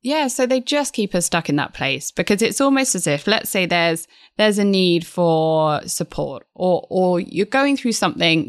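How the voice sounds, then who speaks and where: Woman guest on a podcast, earnest, bit of fry in the voice. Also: fairly low pitch, no echo, studio quality. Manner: earnest, reflective, acts out inner voices. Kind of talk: conversational interview.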